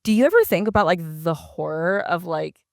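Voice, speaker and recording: A woman's voice: lowish voice, lively intonation, brisk, gravelly, no echo. Chatty lady cohost rambling on a pod, close dry mic. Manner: chatty, thinks aloud with many "like"s. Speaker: podcast co-host. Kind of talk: casual chat.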